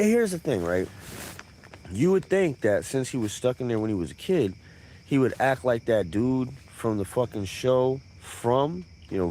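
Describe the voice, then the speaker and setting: A man's voice: medium pitch, darkish tone, slight background noise. A man telling a profane comic tall tale on a live stream, with conversational asides.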